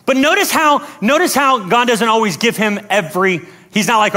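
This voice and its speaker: High, lively-voiced male preacher. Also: fairly quick, hardly any pauses. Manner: energetic, blunt, playful preaching with quoted voices. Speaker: pastor. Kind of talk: sermon.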